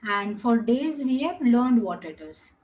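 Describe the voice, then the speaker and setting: High-voiced woman teacher drawing out words. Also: animated, darkish tone, poor audio. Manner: patient, repeats words slowly and stretches tones; mixes in another language. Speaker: language teacher. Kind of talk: online class lecture.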